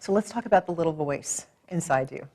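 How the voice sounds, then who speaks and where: A woman practitioner gently coaching a client through a tapping session, encouraging and calm. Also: low voice, brisk.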